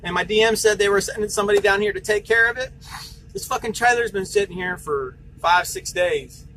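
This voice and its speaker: A man's voice: high-pitched, brisk, pushed and bright, slight background noise, poor audio. A man working as a truck driver, venting angrily in a vlog, swearing and retelling heated phone calls.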